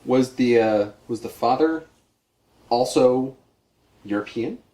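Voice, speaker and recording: A man's voice: mid-range voice, slow, very noisy. A man co-hosting a casual comic book podcast, dry and sarcastic with some swearing. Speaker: podcast co-host. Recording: roomy echo.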